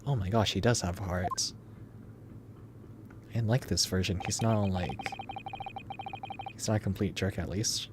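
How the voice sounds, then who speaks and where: Low-voiced casual game streamer. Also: male voice, steady tone, a little slow, long pauses, background noise. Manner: casual, reactive. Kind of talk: game playthrough commentary. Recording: game music underneath.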